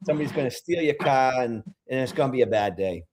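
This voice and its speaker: A man's voice: medium pitch, lively intonation, fast, darkish tone, a little hiss or hum, lightly acted. A man doing an impression of a tough Boston man with a Boston accent, giving blunt warnings in a broad, clipped street delivery.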